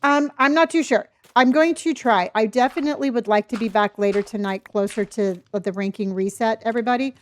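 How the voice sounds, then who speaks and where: A woman's voice: fairly high pitch, a little fast, hardly any pauses. A middle-aged woman livestreaming a game, chatting casually and rambling as she reads her chat and laughs often. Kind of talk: casual chat while gaming.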